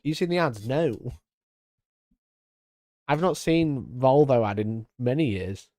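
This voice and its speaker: A man's voice: mid-range voice, lively intonation, slow, mellow, dry recording. Chatty British man on a live stream. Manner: chatty, laughing, mock-indignant. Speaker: streamer host. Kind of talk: casual live-stream chat. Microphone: studio mic on boom arm.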